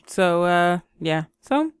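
A woman co-hosting a casual chat show, talking in a relaxed, giggly way with lots of "like" and "um". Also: on the low side, very slow, clean tone, no echo, clean studio sound. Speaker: co-host.

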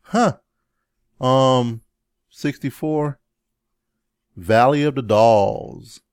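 Male co-host, lively casual movie chat, dry close sound, chuckles a lot. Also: extremely slow, clean tone, no room sound. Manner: animated, chuckling, jumps into high mimicking yells. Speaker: podcast co-host.

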